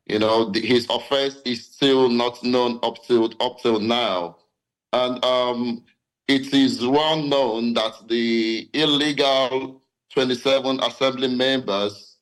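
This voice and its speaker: A man's voice: mid-range voice, rough recording. A man answering questions as a guest in a news interview, talking hesitantly with many fillers and repeated words. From Nigeria. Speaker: interview guest, local stakeholder. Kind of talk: live interview.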